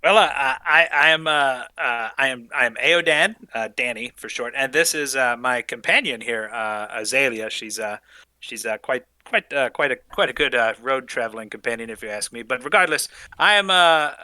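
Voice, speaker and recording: A man's voice: mid-range voice, moderate pace, pushed and bright, dry recording. A man voicing a goblin alchemist who puts on airs of importance, speaking in flowery, hesitant phrases full of fillers. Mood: pompous.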